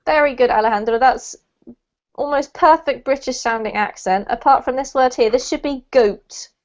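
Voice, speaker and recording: A woman's voice: sits high, moderate pace. A woman teaching English pronunciation in an online class, chatty and encouraging, with a light laugh. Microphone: video call. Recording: dull lo-fi call audio.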